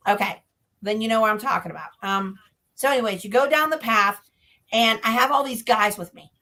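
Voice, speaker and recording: A woman with a bright, fairly high voice tells a spooky story. She is animated and laughs easily, and she acts out the people in her story. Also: brisk, rough recording. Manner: lively, laughs often, acts out others' lines. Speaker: paranormal investigator guest.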